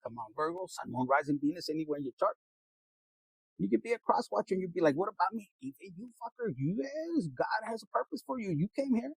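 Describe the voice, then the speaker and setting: A man's voice: high voice, big pitch swings, fast talker, breathy edge, dry recording, low-quality recording. A man giving a casual tarot reading, preachy and blunt, swearing often and dropping in Spanish slang words. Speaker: tarot reader.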